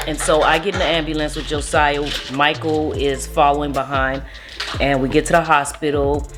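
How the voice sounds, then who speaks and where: Young woman, casual storyteller, low-set voice, animated retelling over faint music. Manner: animated retelling, acts out quotes. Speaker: vlogger, mother.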